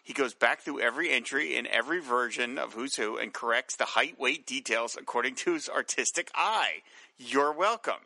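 An enthusiastic man co-hosting a podcast, reading listener emails and chuckling as he goes. His voice is very bright and sharp. He is recorded close to the mic, dry and without room sound. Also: mid-range voice, brisk, gravelly, hardly any pauses, dry recording, rough recording. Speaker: podcast co-host. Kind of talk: casual podcast chat reading listener mail.

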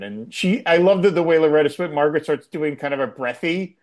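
A podcast co-host chatting casually about a TV episode, laughing often and acting out quoted lines. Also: male voice, a little high, brisk. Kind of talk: casual chat recapping a TV episode.

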